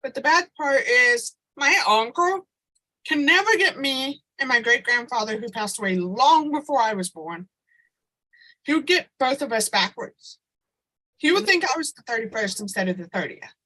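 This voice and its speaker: Bright high-voiced woman on a video call. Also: lively intonation, normal speed, low-quality recording. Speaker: participant in a craft video call. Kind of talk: casual chat.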